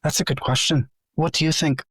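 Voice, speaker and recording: A man's voice: on the high side, steady tone, a little fast, fairly bright tone, husky, no room sound, studio quality. A man voicing a scarred woman adventurer who speaks mildly and reasonably, in his own plain voice. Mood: calm. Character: scarred adult woman adventurer, calm companion.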